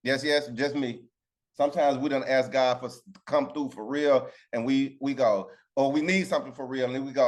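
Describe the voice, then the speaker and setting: A man's voice: mid-range voice, a little fast. Man, Bible study teacher on a video call, loose and chatty, pulls in his group with "right?". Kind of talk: casual Bible lesson.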